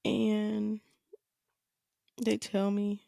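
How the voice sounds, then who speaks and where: A woman hosting a podcast, telling a personal story in a halting, tearful way and repeating her phrases. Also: medium pitch, completely flat delivery, gravelly, dark tone, no room sound, clean studio sound. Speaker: podcast host.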